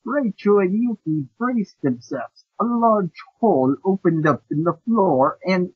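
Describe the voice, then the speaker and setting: A man's voice: high-pitched, lively intonation, unhurried, breathy edge, no echo. A man reading a fanfiction story aloud for laughs, mocking the text and swearing at it as he goes. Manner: mocking, swears and breaks off to joke about the text. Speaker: fanfiction reader. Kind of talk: comedic read-aloud with commentary. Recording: dull lo-fi dry recording.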